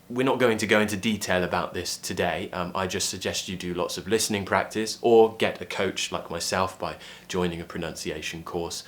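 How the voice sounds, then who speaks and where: A man with a British RP accent teaching an online pronunciation lesson, clearly modelling vowel sounds. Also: fairly low pitch, moderate pace, few pauses, a bit bright. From Britain.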